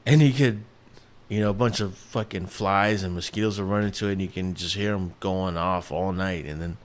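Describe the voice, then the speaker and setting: The host sits low in pitch, keeping a steady tone and moderate pace. Solo on his casual podcast, this thirtysomething New Yorker rambles through plenty of restarts and fillers, cursing freely.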